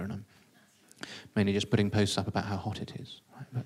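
A man's voice: fairly low pitch, quick pace, a little mellow. A man telling a comic first-person story in a self-deprecating, conversational way.

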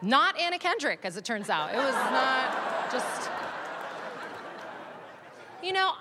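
A Canadian woman in her thirties telling a stand-up story, animated and self-mocking, swinging between dry asides and excited outbursts. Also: high-pitched, slow pace, a loud crowd, heavy background noise. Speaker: stand-up comedian.

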